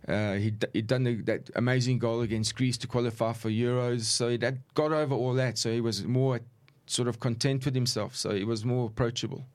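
A middle-aged former football referee, relaxed and anecdotal, telling stories in a conversational interview. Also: male voice, medium pitch, a little fast, few pauses. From South Africa. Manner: relaxed, anecdotal, chuckles while recounting. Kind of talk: conversational storytelling.

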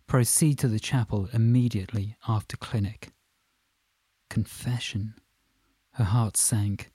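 A man narrating an audiobook in a measured, steady reading. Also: fairly low pitch, husky, no echo.

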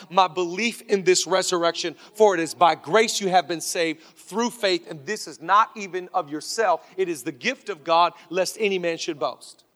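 A male pastor preaching a sermon with fervent, rising exhortations that drop to quiet, emphatic passages. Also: high-pitched. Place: church auditorium. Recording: reverberant large church hall.

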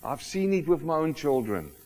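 A man preaching a sermon, emphatic and animated, often asking rhetorical questions of the congregation. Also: on the high side, normal speed. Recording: long hall reverb.

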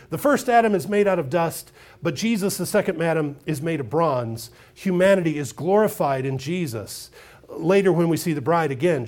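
A man preaching a sermon on scripture, building from steady teaching to loud emphatic peaks, repeating words as he restarts. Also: fairly high pitch.

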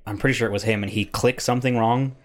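A man's voice: medium pitch, fairly even intonation, fast. A man co-hosting a podcast, chatting casually, rambling and swearing freely. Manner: rambling, swears often, laughs easily. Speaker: podcast co-host. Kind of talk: casual chat.

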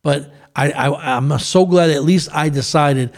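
Man, fairly high voice, gravelly, conversational preacher telling a Bible story. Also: unhurried. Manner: storytelling, animated retelling with asides. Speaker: pastor co-host. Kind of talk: preaching on a talk show.

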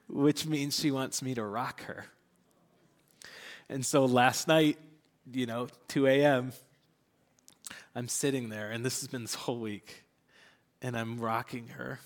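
A young pastor preaches a sermon in a large hall, earnest and candid, with light laughs and soft whispers at tender moments. His medium-pitched voice is fairly even in intonation, and he speaks slowly with frequent pauses.

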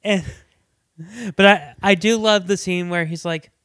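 A man's voice: high-pitched, steady tone, unhurried, a bit bright, clear, resonant tone, dry recording, clean studio sound. A man co-hosting a casual movie chat, joking and acting out the characters' lines. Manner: jokey, acts out characters' lines in silly voices. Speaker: podcast co-host.

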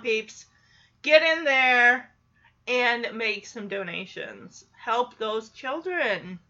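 A woman retells a show in a chatty, giggly way, with a high, bright voice. She talks casually and animates the story as she goes. The recording sounds dull and lo-fi. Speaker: show recapper. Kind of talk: casual recap chat.

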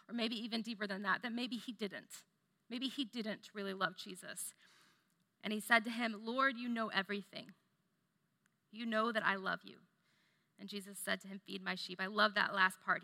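A woman's voice: mid-range voice, sharp tone. A woman preaching a conversational sermon as a church staff member, earnest and reflective, thinking aloud with small restarts. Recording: long hall reverb.

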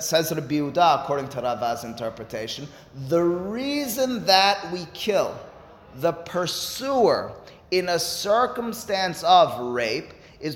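A man giving a Talmud study lecture, explaining step by step and posing rhetorical questions to his listeners. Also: fairly high pitch. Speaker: Talmud teacher. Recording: echoey hall with long reverb.

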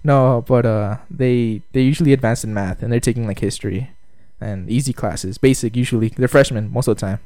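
A man's voice: mid-range voice, a little fast, hardly any pauses, dark tone, no room sound, studio quality. A young man co-hosting a podcast, rambling in casual chat with lots of fillers and laughter. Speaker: podcast co-host.

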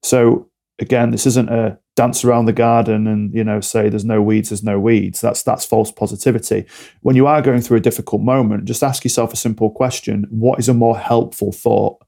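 A man's voice: mid-range voice, level tone, fairly quick, gravelly, mellow. A man talking bluntly and directly as a coach being interviewed on a podcast. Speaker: alcohol-free coach, podcast guest.

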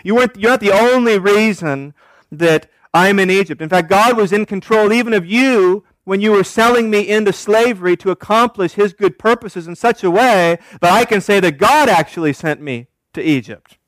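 High-voiced emphatic male preacher. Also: normal speed, fairly bright tone, no room sound. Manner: emphatic, asks rhetorical questions and answers them. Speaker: pastor. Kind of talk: expository sermon.

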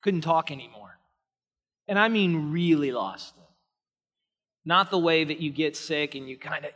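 A male pastor preaching a sermon in a church sanctuary, emphatic and swinging from hushed to loud. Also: fairly high pitch, lively intonation, normal speed. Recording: long reverb of a large church hall.

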